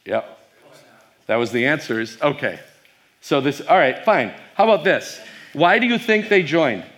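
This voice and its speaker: A man's voice: fairly high pitch, animated, a little slow, a bit bright. Guy pastor doing a youth night keynote, casual storytelling, lots of ums, asks the crowd questions. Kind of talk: live keynote talk to a youth audience.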